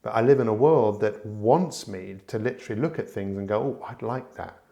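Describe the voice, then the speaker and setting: A middle-aged man with a low, gravelly voice hosts a solo podcast. He talks to the listener directly in an earnest, reflective way, often restarting his sentences as he thinks aloud. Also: a little fast, dark tone. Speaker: podcast host.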